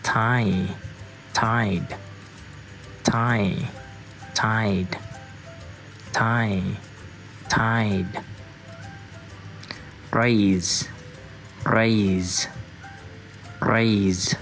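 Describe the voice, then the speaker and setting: A male English teacher leading a vocabulary drill and saying each word slowly and deliberately several times. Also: lowish voice, steady tone, a bit bright, faint music behind. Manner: slow, deliberate repetition of words.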